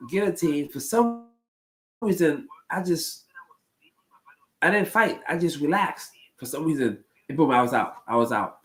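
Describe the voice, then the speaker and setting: A man with a somewhat high voice tells stories to his stream chat in a loose, casual way. He rambles, circles back and repeats his phrases, with plenty of ums and restarts. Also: pushed and bright, rough recording. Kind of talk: casual storytelling to a live chat.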